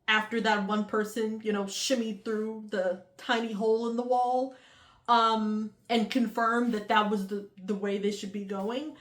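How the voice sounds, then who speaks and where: Woman vlogger gushing through a movie recap, lots of "like", kinda high voice, echoey room. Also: steady tone, measured pace. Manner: chatty, lots of "like" and acted-out quotes.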